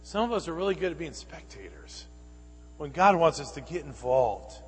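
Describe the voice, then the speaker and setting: A man delivers a sermon from the pulpit, his voice pitched high for a man. He jumps from loud, raised bursts down to quiet, hushed asides. The sound carries the long reverb of a large church hall. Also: big pitch swings, normal speed, a little hiss or hum. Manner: preaching with dramatic swings from loud to hushed. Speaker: pastor.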